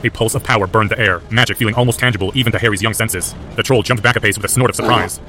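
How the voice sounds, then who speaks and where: A man's voice: fairly low pitch, steady tone, racing, bright, forceful tone. A man narrating a story aloud as an audiobook, intense and driven. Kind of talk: audiobook narration of fan fiction.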